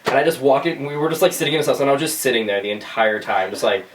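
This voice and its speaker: Chatting casually as a podcast co-host, this man spins animated stories with funny voices and heavy swearing. He talks very fast at medium pitch, picked up from a distance with a little hiss or hum.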